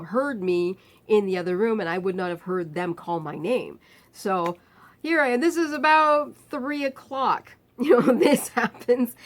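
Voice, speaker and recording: Woman vlogger telling a story with animation. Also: mid-range voice. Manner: animated retelling, acting out the people in her story; drops to a weary, quiet tone when describing her pain. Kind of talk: casual storytelling to camera.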